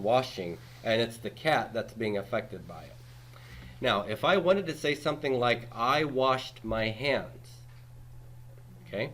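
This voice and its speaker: A man's voice: mid-range voice, a bit bright. A man in his forties teaching a Greek grammar class, patiently explaining and checking in with students with "okay?" and "right?". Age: 40s. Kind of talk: classroom lecture.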